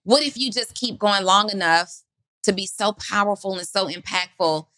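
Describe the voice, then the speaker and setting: A woman's voice: medium pitch, normal speed, sharp tone, no room sound. A woman co-hosting a podcast, talking earnestly about not quitting and repeating her questions for emphasis. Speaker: podcast co-host. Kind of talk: motivational podcast talk.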